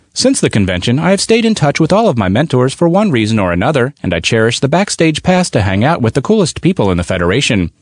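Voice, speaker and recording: Earnest man reading a testimonial, quick and animated, dry close sound. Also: mid-range voice, no echo. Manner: earnest and appreciative. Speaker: program participant giving a testimonial. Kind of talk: read personal testimonial.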